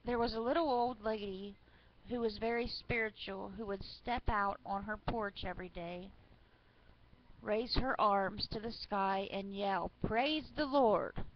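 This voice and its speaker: A woman who reads funny church stories online shares them aloud with her listeners in a chatty way, full of fillers and asides. Her mid-range voice stays steady and unhurried, and the recording is slightly muffled with faint noise.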